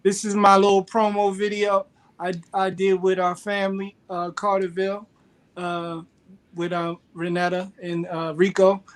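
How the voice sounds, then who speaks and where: A man, a guest on a casual chat show, speaking earnestly and motivationally, halting often with fillers. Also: sits high, monotone, smooth.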